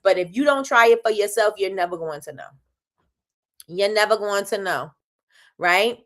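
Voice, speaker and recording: A woman from New York talking straight to her livestream viewers, loud and animated. She laughs big and often and hammers her points home by repeating them. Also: medium pitch, moderate pace. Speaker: livestream host. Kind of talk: motivational livestream talk.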